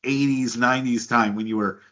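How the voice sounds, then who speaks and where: A man's voice: mid-range voice, steady tone, brisk, fairly bright tone, lo-fi sound. A man from the United States hosting a podcast, talking at length, repeating words and winding up long questions for his guest. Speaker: podcast host. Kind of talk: casual interview chat.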